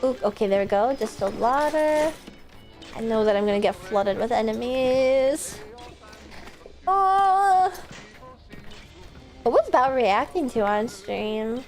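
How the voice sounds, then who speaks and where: A woman chatting casually while she streams a game, excitable, laughing and swearing freely. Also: fairly high pitch, slow, long pauses, faint music behind. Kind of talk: casual live-stream gameplay chat.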